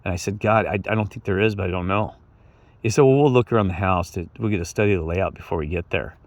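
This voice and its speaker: A middle-aged man tells a long story in a low voice, wandering between asides and quoting the people he talked to. He chuckles as he goes and talks straight to his viewers. The sound is dry and close, with no room around it. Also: fast, no echo, muffled recording. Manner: rambling, chuckling, quotes others with "he goes". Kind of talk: casual anecdote told to viewers.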